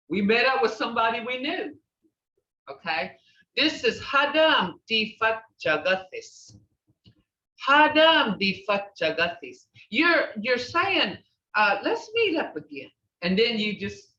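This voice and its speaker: An older woman teaching a language class, repeating words slowly and checking in with "okay?". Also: mid-range voice, sharp tone. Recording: echoey, distant, dull room recording.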